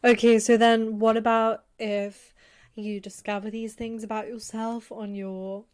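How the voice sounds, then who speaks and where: A woman's voice: fairly high pitch, flat delivery, a little slow, a little mellow. Frank woman co-host giving advice. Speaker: podcast co-host. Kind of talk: casual chat.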